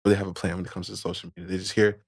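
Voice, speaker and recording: A man as a podcast guest in casual conversation, relaxed and chatty, often adding "you know". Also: low voice, rapid-fire, creaky, breathy edge, dry recording, studio quality.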